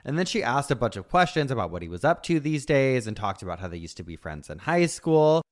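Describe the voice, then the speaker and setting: A man's voice: mid-range voice, very animated, brisk. A man co-hosting a casual podcast, teasing his co-host and reading a listener's post aloud. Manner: playful teasing, laughs often.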